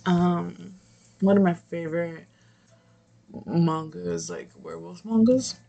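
A woman's voice: medium pitch, creaky, darkish tone. A young woman chatting casually about manga she read, rambling, swearing and laughing often. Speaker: manga reviewer. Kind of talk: casual chat.

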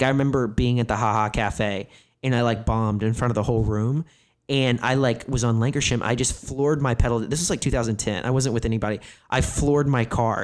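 A man in his thirties, a comedian, telling candid stories in conversation, rambling and leaning hard on "like", with frequent swearing. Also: medium pitch. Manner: rambling, filler-heavy "like" phrasing, profane. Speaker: comedian guest.

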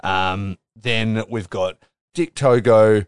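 A man with a fairly low voice co-hosts a casual wrestling podcast, chatting and laughing easily. He rattles off quick recaps. The sound is dry and close. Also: fairly even intonation, smooth, no room sound. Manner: laughs often, talks quickly when recapping. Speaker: podcast co-host.

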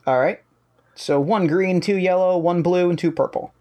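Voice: mid-range voice, normal speed, lo-fi sound. A tabletop player casually checking the rules and reading out their dice results.

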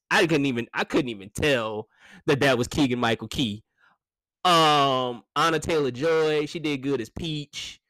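A man casually reviewing a movie, animated and chatty, laughing often and restarting his sentences. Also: medium pitch, dry recording.

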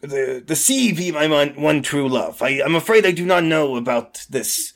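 A man's voice: a little high, animated, moderate pace. A man voicing a boisterous peg-legged female pirate diplomat who growls pirate talk. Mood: bold.

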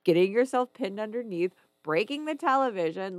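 A woman in her thirties, a podcast co-host chatting casually, blunt and quick to swear. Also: medium pitch, no room sound. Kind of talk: casual chat.

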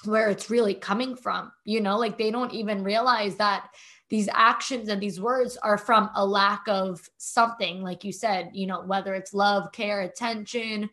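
A woman in a middle pitch talks emotionally to her longtime teacher. She rambles and repeats herself, filling gaps with many fillers. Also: steady tone, normal speed, fairly bright tone. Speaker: longtime student. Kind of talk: heartfelt conversation.

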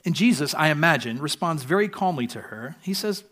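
A man's voice: a little high, moderate pace, few pauses. Earnest male pastor preaching. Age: adult parent. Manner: earnest, dropping softer at sentence ends. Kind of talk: sermon.

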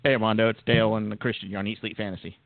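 A man's voice: on the low side, little pitch movement, rapid-fire, dry recording. A man co-hosting a podcast in casual chat, teasing and often laughing. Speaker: podcast co-host. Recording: tinny phone-like sound.

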